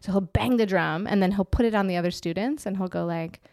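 A woman comedian chatting as a podcast guest, telling animated stories and laughing often. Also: mid-range voice, fast talker, dry recording, studio quality. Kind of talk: casual conversation.

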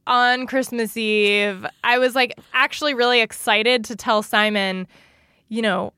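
A woman's voice: on the high side, fairly even intonation, unhurried, bright, forceful tone, clear, resonant tone, dry recording, clean studio sound. A woman in her thirties co-hosting a parenting podcast, chatting casually with lots of "like". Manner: chatty, lots of "like", laughs along. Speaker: podcast co-host. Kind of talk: casual chat.

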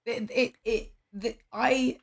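A woman's voice: fairly high pitch, steady tone, slow. A woman with an English accent co-hosting a podcast in casual chat, talking loosely with lots of "like" and "you know what I mean". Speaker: podcast co-host.

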